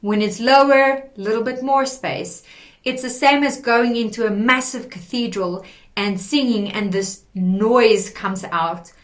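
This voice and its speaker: A woman teaching a singing lesson, explaining patiently and demonstrating sung warm-up exercises. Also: fairly high pitch, a little slow. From South Africa. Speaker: vocal coach.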